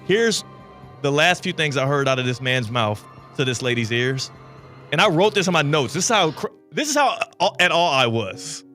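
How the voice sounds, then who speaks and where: A man hosting a talk radio show, telling a long story with lively, animated delivery. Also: a little high, normal speed, faint music behind. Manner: lively anecdotal telling with bursts of laughter. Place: radio studio.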